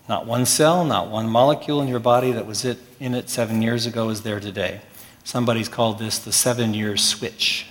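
Pastor, male, mid-pitched, measured sermon delivery in a reverberant church. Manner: measured preaching with slow emphatic pauses.

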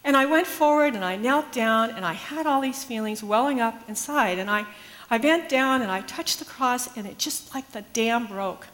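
A woman pastor telling a personal faith story in an earnest, measured, reflective way. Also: fairly high pitch, lively intonation, fairly bright tone. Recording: long hall reverb.

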